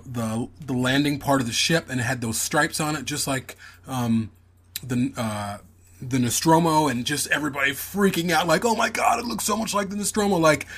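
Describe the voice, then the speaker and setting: Male podcast host, eager fan energy, halting with lots of "um", mid-pitched voice. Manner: enthusiastic, excitable fan, many hesitations. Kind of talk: casual chat.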